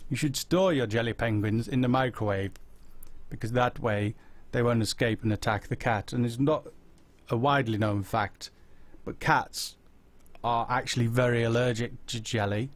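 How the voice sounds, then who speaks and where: A man hosting a casual live-stream chat, rambling through viewers' comments with deadpan silly humor. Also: medium pitch. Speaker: host.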